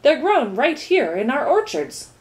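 A woman's voice: high voice, sing-song, unhurried, a little mellow, voice pushed up. Woman voicing a pompous royal minister. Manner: pompous, impatient.

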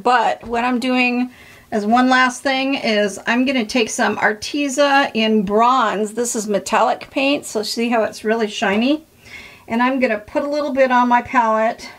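During a craft demonstration, an art tutorial host with a slightly high voice chats casually. She encourages the viewer and admires her own pages as she works.

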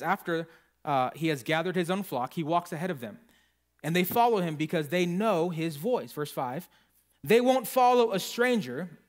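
Man, pastor, preaching, storytelling with acted-out quotes, fairly high voice. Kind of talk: sermon. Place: church.

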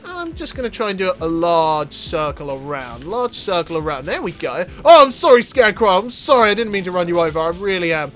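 A man yelping and joking through animated gameplay commentary. His voice runs high for a man, with faint music behind. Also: brisk, hardly any pauses. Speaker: gaming YouTuber.

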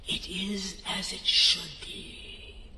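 A woman's voice: medium pitch, little pitch movement, very slow. A woman voicing an ancient, cold and commanding female spirit in whispered role-play, with a hissing whisper. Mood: solemn commanding. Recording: echoey with loud ambient drone.

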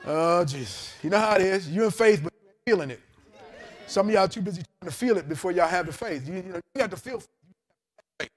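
A male pastor, preaching a storytelling sermon to his congregation. He tells the story with lively character voices and laughter. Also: sits high, brisk. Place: church service in a hotel venue. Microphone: handheld or lapel mic.

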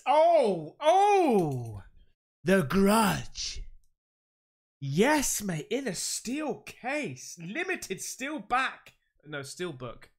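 A man hosting a casual unboxing vlog, chatty and excitable, calling his viewers mate. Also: sits high. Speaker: YouTube host.

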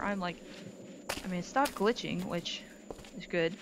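A woman's voice: lowish voice, fairly even intonation, fairly quick. A woman hosting a let's-play of a scary VR game, talking nervously and rambling to her viewers. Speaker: gaming video host. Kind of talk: casual let's-play commentary. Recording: noisy game ambience behind.

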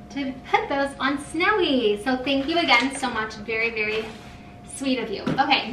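A young woman vlogging casually as she opens fan mail, gushing and excitable. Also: a little high, background noise. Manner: gushing, excitable, says "oh my god" often. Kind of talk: casual vlog chat, reading letters aloud. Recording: roomy, mic a little far off.

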